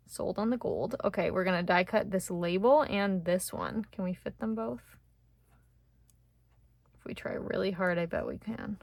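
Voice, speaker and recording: A woman teaching card making in a casual, chatty way, thinking aloud as she works and getting excited over small wins. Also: medium pitch, normal speed, creaky, dry recording, studio quality. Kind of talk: casual craft tutorial chat.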